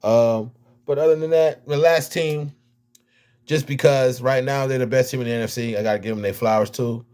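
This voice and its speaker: A man's voice: medium pitch, moderate pace, smooth. A man with a Miami accent, a rapper and vlogger, talking casually about football with lots of slang and repeated words. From United States. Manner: animated, slangy, repeats himself. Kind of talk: casual sports talk vlog.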